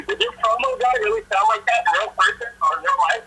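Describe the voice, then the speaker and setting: Casting: caller on the phone while driving, playful, lively bright voice. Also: male voice, high voice, fairly quick, a little hiss or hum. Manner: playful, laughing banter. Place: in a moving truck. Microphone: phone call.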